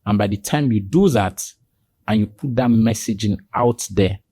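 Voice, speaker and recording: This podcast guest has a warm, husky male voice at moderate pace, with no echo. He tells stories in lively conversation and takes on the voices of the people in them, springing abruptly up in pitch for quoted dialogue.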